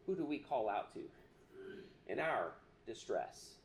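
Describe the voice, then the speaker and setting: Halting, earnest man preaching in an echoey room. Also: medium pitch, big pitch swings, creaky, a little hiss or hum. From United States. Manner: earnest, halting with many restarts. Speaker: pastor. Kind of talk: sermon.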